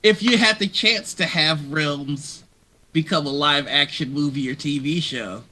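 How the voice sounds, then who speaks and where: A man hosting a live stream, asking questions in an animated, casual way. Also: fairly high pitch, a little slow. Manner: animated, laughs along. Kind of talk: casual interview chat.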